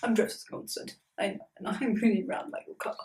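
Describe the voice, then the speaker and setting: A woman's voice: mid-range voice, fairly even intonation, fast talker, darkish tone, distant mic, slight background noise, natural voice. A woman voicing a smug, self-important rich young man, muttering mostly in a half-whisper.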